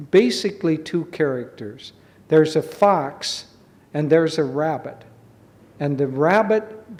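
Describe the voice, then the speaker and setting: A man who teaches spirituality, explaining slowly and gently and telling a folk tale to make a point. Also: fairly high pitch. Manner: slow, measured, gently explaining. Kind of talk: spiritual talk with storytelling. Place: college hall.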